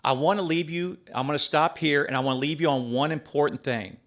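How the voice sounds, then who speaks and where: A man's voice: fairly high pitch, fairly quick, fairly bright tone. A middle-aged man speaking as a priest to a room of men, in a slightly raised voice. He is folksy and emphatic, with plenty of restarts and casual asides. His delivery is a conversational sermon rather than a formal homily. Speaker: priest giving a talk.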